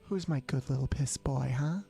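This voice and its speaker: A streamer doing a close, low whispered role-play voice that dotes on chat. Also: moderate pace, gravelly, slight background noise, natural voice. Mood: doting. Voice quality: low, close-to-mic soft voice.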